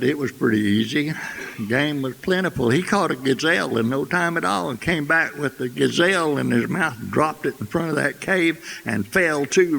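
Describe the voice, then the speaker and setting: Gravelly, folksy male storyteller. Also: on the high side, a bit bright. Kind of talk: tandem folktale telling. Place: festival stage. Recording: echoey hall, faint hiss.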